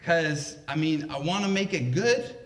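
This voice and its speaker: A man with a slightly high voice tells a comic story live, in a slow, conversational way. His speech is loose and full of fillers, and it rings in an echoey library room. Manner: conversational, unhurried, lots of fillers.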